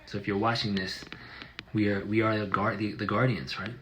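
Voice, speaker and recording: Easygoing soft-spoken man teaching. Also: lowish voice, flat delivery, a little fast, a little hiss or hum, poor audio. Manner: easygoing and affectionate, says y'all, hesitant restarts. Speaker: qigong teacher. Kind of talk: casual livestream teaching.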